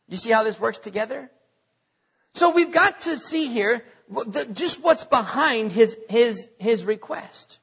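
A man with a very high, bright, husky voice preaches to his congregation, slowing to a crawl on key words and tossing questions out to the room. His pitch leaps around with lively swings. The lo-fi recording carries a long hall reverb. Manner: preaching with call-and-response questions; stretches key words slowly for emphasis. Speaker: pastor. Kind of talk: sermon. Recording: dull lo-fi audio with long reverb.

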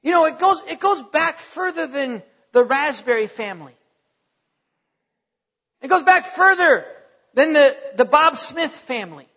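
High-pitched preacher in a reverberant church. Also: male voice, very animated, pushed and bright. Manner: emphatic preaching with repetition and dramatic slowdowns. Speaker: pastor. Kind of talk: sermon. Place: church sanctuary. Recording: dull sound with long church reverb.

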